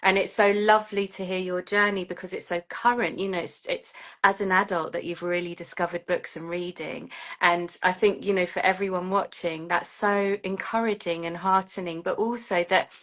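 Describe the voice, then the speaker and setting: A woman's voice: on the low side, fairly even intonation, moderate pace, few pauses, a bit bright. A woman hosting a podcast, chatting with her guest in long, flowing, encouraging sentences. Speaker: podcast host. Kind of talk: casual interview chat.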